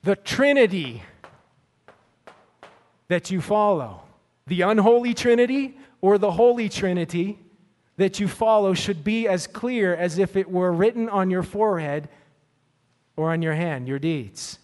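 A male pastor preaching a sermon and telling a personal story, earnest and often repeating words as he searches for them, then praying quietly. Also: sits high, expressive, unhurried, long pauses.

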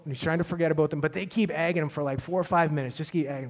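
A male pastor preaching a sermon and telling a personal story, earnest and often repeating words as he searches for them, then praying quietly. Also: on the high side, fairly even intonation, fast talker, hardly any pauses.

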